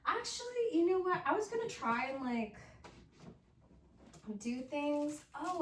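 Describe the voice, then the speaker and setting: Against a noisy background, a young woman with a high voice works on furniture at home. She talks in a casual, rambling storytime manner, giddy and squealing, with lots of fillers.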